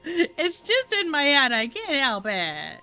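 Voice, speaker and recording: A woman's voice: high-pitched, wildly swooping pitch, takes it slowly, pushed and bright, faint music behind. A woman livestreaming a game from home, chatting playfully and laughing often. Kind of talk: casual gameplay livestream chat.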